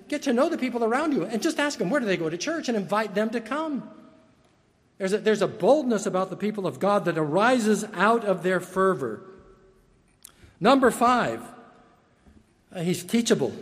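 A man with a notably high voice preaches earnestly from the pulpit, pressing his points with repeated words and restarts. His sermon rings out with a long reverb, as in a large church hall. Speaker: pastor. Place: church sanctuary.

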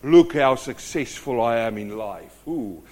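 A man's voice: medium pitch, animated, unhurried, darkish tone, voice pushed down, lightly acted. A preacher voicing a complacent young man who boasts that he is bulletproof. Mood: smug. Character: cocky young man putting off God.

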